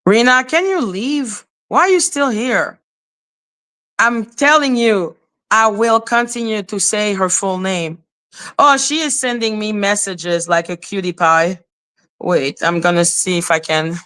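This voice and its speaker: A woman's voice: medium pitch, a little slow, fairly bright tone, smooth. A woman hosting a live stream, talking to her chat in a confrontational, scolding way. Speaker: livestream host.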